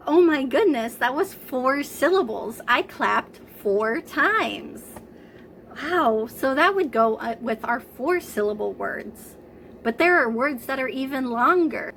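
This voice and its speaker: A woman teaching a preschool lesson to children, speaking slowly with exaggerated enthusiasm. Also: on the high side, a bit bright, slight background noise.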